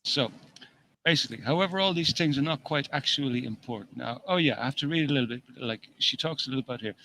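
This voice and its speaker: A man's voice: mid-range voice, fast talker, pushed and bright, slight background noise, rough recording. A man co-hosting a casual talk show, rambling with frequent restarts and swearing freely as he reads long passages from an article. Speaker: podcast co-host. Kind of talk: casual chat, reading an article aloud.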